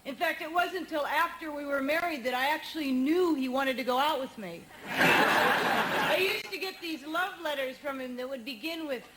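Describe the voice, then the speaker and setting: A woman performing a stand-up comedy routine on a TV studio stage, with a wry, punchy deadpan delivery. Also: high-pitched, moderate pace. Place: TV studio stage with a live audience. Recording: noisy old 1980s TV broadcast tape.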